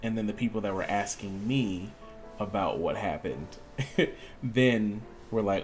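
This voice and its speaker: A man with a fairly low voice chats casually while playing a video game. He tells stories with animation, acting out the other people's voices. Faint game music runs underneath. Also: unhurried. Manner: animated storyteller, acts out quoted voices. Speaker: gaming streamer. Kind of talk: casual storytelling while gaming.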